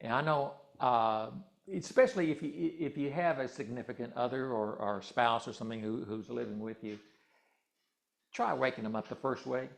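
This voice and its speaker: A man's voice: medium pitch, normal speed, gravelly. Male minister, folksy and joking, conversational sermon on a church mic. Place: church hall. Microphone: handheld or stand mic, slightly ringing.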